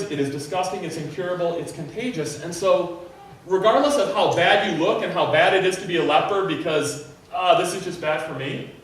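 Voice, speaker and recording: A man preaching a sermon in a church, teaching in an animated way and acting out a desperate plea. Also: sits high, a little hiss or hum. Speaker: pastor. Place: church sanctuary. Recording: very echoey hall, mic at a distance.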